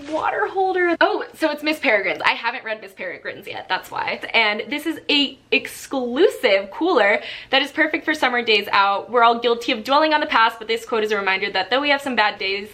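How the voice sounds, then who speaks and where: A woman's voice: fairly high pitch, fairly quick. Gushing young woman unboxing books. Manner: gushing, excitable, chatty. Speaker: book vlogger. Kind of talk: casual unboxing vlog.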